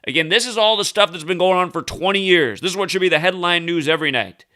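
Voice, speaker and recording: High, fast and bright, this man's forceful voice carries a casual ranting commentary. He's in his thirties, a conspiracy news commentator whose indignant talk rambles emphatically with many restarts.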